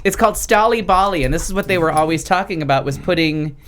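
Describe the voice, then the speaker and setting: A chatty co-host in relaxed conversation, spinning quick stories and side tangents at an everyday pitch. A faint hiss sits under the voice. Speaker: show co-host. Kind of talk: casual chat.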